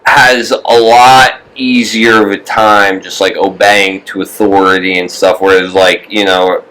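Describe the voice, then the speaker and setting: A man's voice: deep voice, little pitch movement, measured pace, fairly bright tone, low-quality recording. A young man co-hosting a podcast in casual, rambling chat, swearing often and mimicking others in a raised voice. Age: young adult. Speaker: podcast co-host.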